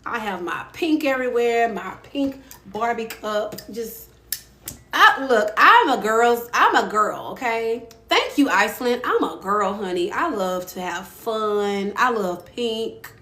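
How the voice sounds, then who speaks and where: A woman hosting a casual livestream chat in a playful, chatty way, laughing often and squealing high when excited. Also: slow pace. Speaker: livestream host. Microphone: phone mic. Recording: roomy with faint ambient noise.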